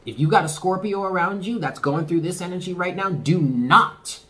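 A man giving a casual tarot reading to the camera, talking in an animated, slangy way with swearing and laughs. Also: high-pitched, normal speed. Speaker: tarot reader.

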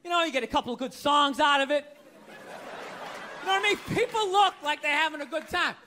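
A man's voice: very high-pitched, brisk, sharp tone, some chatter behind, slight background noise. A man doing stand-up comedy, ranting in a profane, incredulous way before a live audience. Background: audience laughter.

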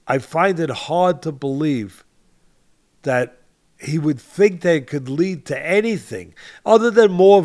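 An older man with a fairly high speaking voice hosts a boxing podcast. He talks with passion and drives each point home by repeating short phrases, now and then calling his co-host by name. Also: a little mellow. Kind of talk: impassioned podcast commentary.

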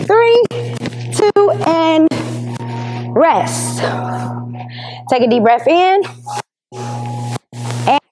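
A woman's voice: sits high, poor audio. A woman leading an exercise lesson as a PE teacher, counting down reps and encouraging while she works out, slightly out of breath.

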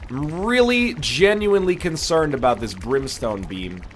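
A man's voice: a little high, animated, measured pace, slight background noise. A man with a congested, nasal voice, giving rambling, jokey commentary as he plays a game. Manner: rambling, jokey, tangent-prone. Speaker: gaming YouTuber. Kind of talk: let's play commentary.

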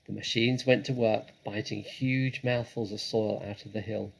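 A man reading a children's story aloud in a dramatic, measured way. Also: on the low side, steady tone, creaky, breathy edge, rough recording.

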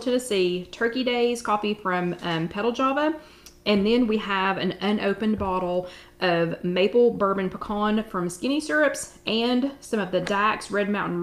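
A middle-aged woman, hosting a live-stream chat at home in a bubbly, excited way. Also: mid-range voice, a little hiss or hum. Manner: bubbly and excited, drawn-out exclamations. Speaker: host.

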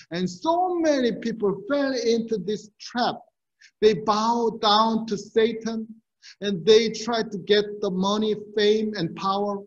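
A man pastor giving an earnest, measured sermon in a church, asking his listeners rhetorical questions. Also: high-pitched, lo-fi sound. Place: church sanctuary.

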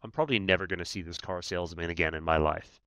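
A man with a bright, smooth, somewhat low voice explains his points emphatically. He often checks in with the listener as he talks. The sound is close and dry. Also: fast, dry recording. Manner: emphatic, many "right?" tags. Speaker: negotiation expert guest. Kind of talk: conversational explaining.

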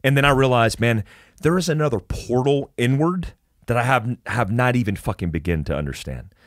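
A US man, guesting on a podcast, tells a wild story in an animated, casual interview, cursing a lot and restarting sentences. His medium-pitched voice moves fairly quickly, and the studio-quality audio has no room sound.

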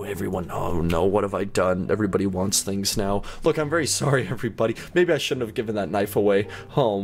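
A young man giving excitable live commentary on an online game, talking to the players on screen as he plays. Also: fairly low pitch. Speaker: gaming YouTuber.

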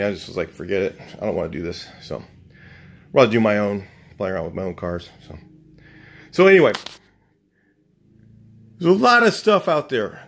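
A man's voice: fairly low pitch, creaky. A man who used to paint cars, talking casually to the camera in a blunt, opinionated way and telling rambling stories full of restarts. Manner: rambling storytelling with many restarts. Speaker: garage channel host, former auto painter.

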